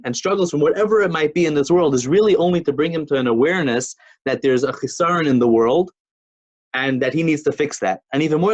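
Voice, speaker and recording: Man, Torah teacher, chatty, restarting sentences, mid pitch, dull lo-fi recording. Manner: conversational, many restarts and fillers, storytelling. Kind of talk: informal Torah class.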